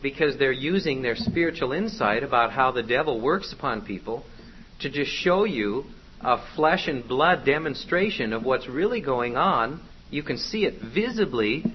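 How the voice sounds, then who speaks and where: A man's voice: medium pitch, expressive, moderate pace. A man preaching a conversational, exhorting sermon to his congregation. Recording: dull lo-fi with faint noise.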